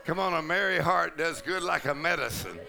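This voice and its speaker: A man preaching at a conference, shouting and laughing loudly as he preaches. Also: a little high, moderate pace, gravelly, noisy background. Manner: shouting, laughing loudly, Southern colloquial speech. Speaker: pastor. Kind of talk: charismatic preaching sermon. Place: large conference hall.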